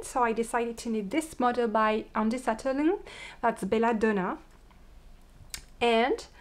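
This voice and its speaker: Chatty French woman hosting a knitting podcast. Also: a little high. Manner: chatty, restarts words and corrects herself. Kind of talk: casual chat.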